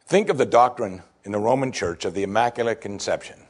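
A man preaching a sermon, emphatic and animated, acting out quoted lines from the scripture. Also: fairly low pitch, quick pace. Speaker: pastor.

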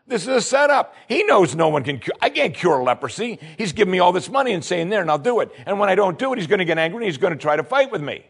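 A man voicing a panicked ancient king who suspects a setup, his voice climbing high and alarmed. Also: sing-song, quick pace, creaky, hardly any pauses, slightly rough, heavily acted. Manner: rising, alarmed, repeating himself. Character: panicked ancient king, male, suspicious and agitated.

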